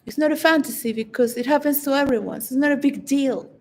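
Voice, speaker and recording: A woman's voice: high-pitched, fast, low-quality recording. A woman giving a reflective, philosophical solo monologue that rambles and halts, with frequent restarts. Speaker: vlogger.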